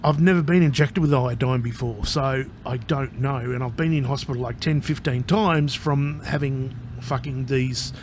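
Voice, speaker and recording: A man's voice: mid-range voice, moderate pace, hardly any pauses, slight background noise. A man talking casually to camera in a rambling vlog monologue, swearing constantly as he tells his story. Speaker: vlogger.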